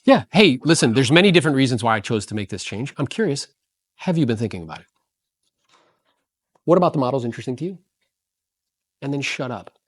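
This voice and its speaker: A man's voice: medium pitch, a little fast, pauses often, dry recording. A man coaching agents in a blunt, slangy way, acting out callers' lines and quizzing his listeners. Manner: animated, acts out voices of callers, quizzes listeners. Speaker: real estate coach.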